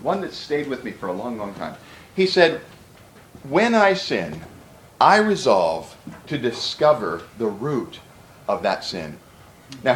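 A man's voice: a little high, roomy sound, slight background noise, poor audio. A man preaching a sermon to a room of pastors, emphatic and conversational, with repeated words for stress.

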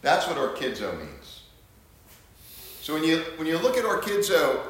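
A man leads a Bible lesson with a lively, swinging pitch and an emphatic delivery, often repeating his key words. His voice rings around a very echoey room. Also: moderate pace. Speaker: Bible teacher.

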